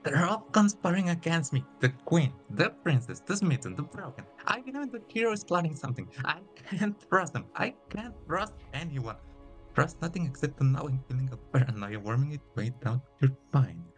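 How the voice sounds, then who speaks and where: A man's voice: a little high, big pitch swings, normal speed, soft background music. A man playing a conflicted knight who reads out his choices with wry asides.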